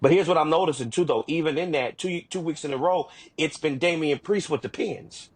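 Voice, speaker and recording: A man's voice: a little high, brisk, breathy edge. A man co-hosting a podcast, telling wrestling stories in casual chat with lots of restarts. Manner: animated storytelling with repeated restarts. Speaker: podcast co-host.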